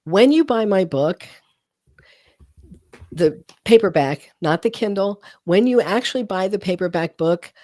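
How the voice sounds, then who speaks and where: A woman's voice: fairly low pitch, mellow, no room sound, clean studio sound. A woman guest author speaking earnestly in an interview, getting emotional at times. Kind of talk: interview conversation.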